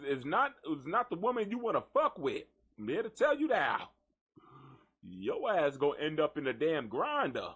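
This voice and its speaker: Brief: male gossip-show host, profane and mocking, high-ish lively voice. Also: breathy edge. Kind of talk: comedic gossip commentary.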